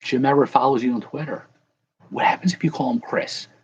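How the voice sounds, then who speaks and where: A man's voice: medium pitch, steady tone, a little fast, breathy edge, lo-fi sound. A man hosting a casual live chat, rambling and correcting himself as he answers viewers. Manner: rambling, self-correcting, chuckling. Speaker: livestream host.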